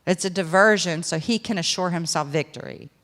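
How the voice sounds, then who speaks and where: A woman preaching a sermon in a lively, conversational way, acting out little dialogues as she goes. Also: lowish voice, fairly quick, long reverb tail.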